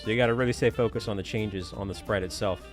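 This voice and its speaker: A man's voice: on the low side, fairly even intonation, fast talker, faint music behind. A man chatting casually with viewers during a live stream, telling stories and humming to himself.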